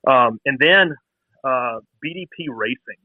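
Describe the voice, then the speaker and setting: A man's voice: mid-range voice, measured pace, no echo. Man, 30s, chatty interview guest acting out stories, tinny phone-line sound, dry. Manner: animated, acts out phone calls in quoted voices. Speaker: bike builder guest. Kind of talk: casual storytelling interview.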